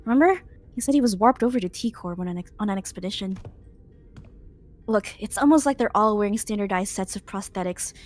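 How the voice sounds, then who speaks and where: A woman's voice: mid-range voice, a little fast, darkish tone, faint music behind. A young woman chatting casually on a call while gaming with a friend, teasing and laughing. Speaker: co-player on call. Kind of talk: casual chat.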